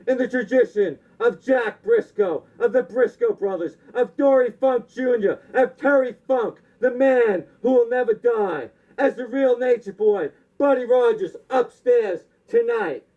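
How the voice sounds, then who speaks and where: Guy voicing a cocky wrestling champ, high and defiant, muffled lo-fi audio. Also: measured pace, hardly any pauses, dark tone. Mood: proclaiming. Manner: proclaiming, defiant. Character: boastful male wrestling champion cutting a promo. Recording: dull lo-fi recording.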